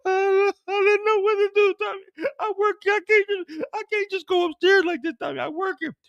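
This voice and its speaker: A man's voice: extremely high pitch, steady tone, normal speed, creaky, a bit bright, dry recording, highs cut off, voice pushed up, full character voice. A man voicing a panicked, hurt young woman who stammers and begs for help, breathless. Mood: panicked pleading. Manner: frantic, stammering, breathless pleading.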